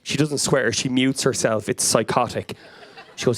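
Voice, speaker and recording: A man's voice: medium pitch, fairly even intonation, moderate pace. An Irish man in his thirties performing a frenetic, anecdotal stand-up comedy set to a live crowd. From Ireland. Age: 30s. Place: comedy club stage before a live audience.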